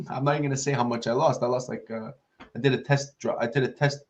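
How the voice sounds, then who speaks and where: A man's voice: medium pitch, steady tone, fast. A man heard through dull, lo-fi audio, talking casually on a podcast roundtable. He tells stories and acts out his friends' lines as he goes. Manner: storytelling, acts out quoted friends.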